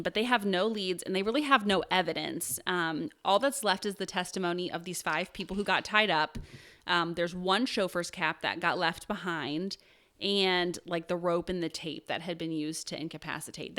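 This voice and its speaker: A chatty woman with a slightly low voice tells a true crime story on a casual podcast. She jokes around, fills gaps with "um" and "like", and reads quotes and numbers from her notes. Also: moderate pace, fairly bright tone. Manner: chatty, jokey, lots of "um" and "like".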